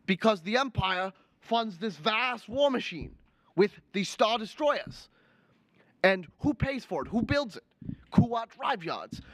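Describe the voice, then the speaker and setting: A young man voices a fuming older senator, Brooklyn-born and lecturing, for a comic impression. He sits high in his register and hammers the same complaints again and again. The sound is close and dry, with no room around it. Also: a bit bright, dry recording, exaggerated voice. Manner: ranting, finger-wagging, repeats outrage lines. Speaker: student livestream presenter.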